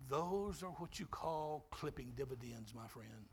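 A man preaching a sermon, telling a story with dramatic, emphatic delivery that swings between loud and soft. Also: medium pitch, animated, measured pace, slight background noise. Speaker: pastor.

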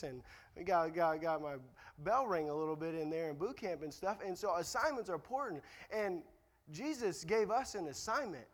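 Young male preacher, high voice, booming reverb, joking asides, repeats key lines. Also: lively intonation, moderate pace. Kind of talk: sermon. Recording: long reverb of a hall.

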